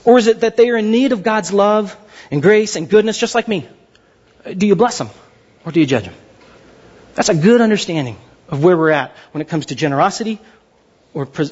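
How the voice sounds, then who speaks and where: A man's voice: sits high, darkish tone, breathy edge, lo-fi sound. A man preaching a sermon as pastor, emphatic and full of rhetorical questions.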